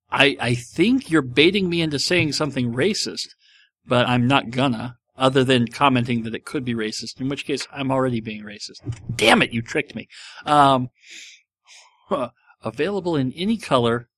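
A man's voice: medium pitch, moderate pace, fairly bright tone, no room sound. A middle-aged man hosting a casual podcast, answering listener questions in a rambling, self-mocking way. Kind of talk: casual chat.

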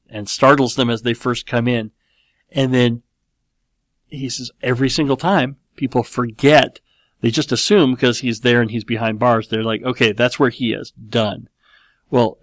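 Host, male, 40s, gravelly: chatty parent spinning an animated anecdote, dry studio feel. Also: mid-range voice, no echo. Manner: rambling, animated, with many fillers and restarts. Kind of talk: casual storytelling.

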